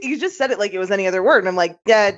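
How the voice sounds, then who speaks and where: A woman's voice: mid-range voice, lively intonation, racing. A woman co-hosting a casual comedic podcast, telling anecdotes and laughing as she talks. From Utah. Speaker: podcast co-host. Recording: slightly muffled lo-fi mic.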